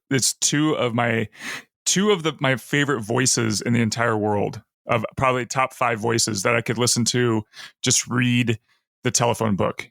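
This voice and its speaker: A man's voice: mid-range voice, creaky, fairly bright tone, no room sound, studio quality. A man co-hosting a podcast in casual chat, talking with enthusiasm, joking and restarting his sentences. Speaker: podcast co-host.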